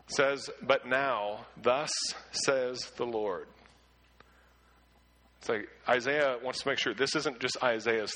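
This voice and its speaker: Earnest, bright-voiced male preacher. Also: medium pitch, rough recording. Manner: earnest, repeats words when starting sentences; slows down to read scripture with emphasis. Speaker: pastor. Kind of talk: sermon with scripture reading.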